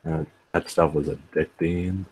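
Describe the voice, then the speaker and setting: Deep-voiced man joking on a podcast. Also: steady tone, a little mellow, a little hiss or hum, rough recording. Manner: playful, quick quips. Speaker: podcast co-host. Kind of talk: casual chat.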